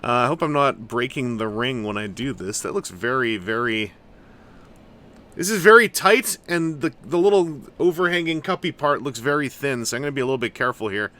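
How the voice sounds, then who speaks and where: A man's voice: mid-range voice, expressive, fairly quick, bright, forceful tone. A man giving casual, rambling commentary while building and unboxing a collectible toy, with jokey asides. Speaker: toy reviewer.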